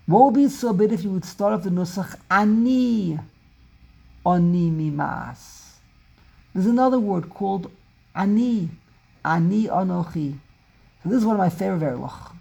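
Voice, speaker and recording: Building each point through rhetorical questions and repeated words, a woman teaches a lesson on Hebrew prayer and scripture. She's a Torah teacher with a medium-pitched, gravelly, warm voice and a breathy edge, and she speaks briskly.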